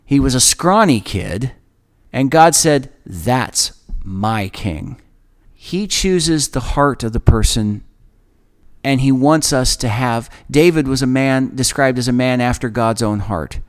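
A man leads a Bible study on a podcast, reflective and earnest. He talks conversationally, leaning on pauses to stress his points. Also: mid-range voice, clear, resonant tone.

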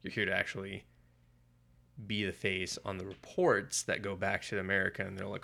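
A man's voice: sits low, monotone, normal speed, gravelly, pushed and bright. A man co-hosting a podcast, chatting casually and retelling a comic's plot in a rambling, profane way full of filler words. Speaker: podcast co-host. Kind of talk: casual chat reviewing comics.

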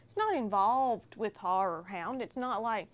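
A woman guest on a casual podcast, telling a story in a warm, animated way. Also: mid-range voice, a little slow. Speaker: film festival organizer guest.

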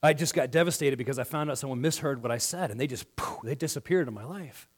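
A man preaching a sermon in a church, acting out quoted dialogue and swinging between loud passages and hushed ones. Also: mid-range voice, fast. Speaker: pastor.

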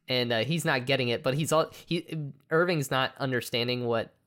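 A young woman with a strikingly deep, low voice, talking through a movie in a relaxed, halting way. She stumbles over her words now and then and laughs easily. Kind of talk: casual chat about a film.

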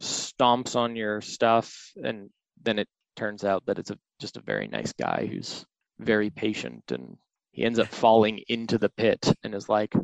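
Gravelly guy, lively up-and-down voice, casual chat, dry close sound. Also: lowish voice, a little slow, dry recording, low-quality recording. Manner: animated, acts out quotes.

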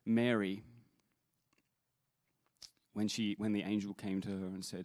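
A man with a lowish voice leads worship and speaks earnestly, breaking off into restarts, then lifting into emphatic recitations of scripture. The sound is dry and close, with little room around it. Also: little pitch movement, unhurried, a little mellow, dry recording. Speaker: worship leader. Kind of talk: sermon-style talk.

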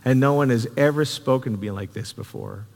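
A man's voice: mid-range voice, brisk, darkish tone, natural voice. Big, moved security chief, retold by a male preacher in a reverberant hall. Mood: sincere.

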